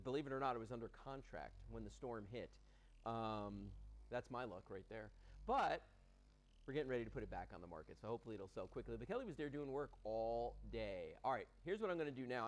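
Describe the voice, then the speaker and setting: A man hosts a live shopping broadcast from a TV studio, talking in a loose, chatty way full of "you know" and "uh." His voice is animated, rising and falling widely in pitch. He sounds enthusiastic as he demonstrates a product. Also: poor audio. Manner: chatty, enthusiastic, lots of fillers. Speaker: home shopping host. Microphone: earpiece and studio mic.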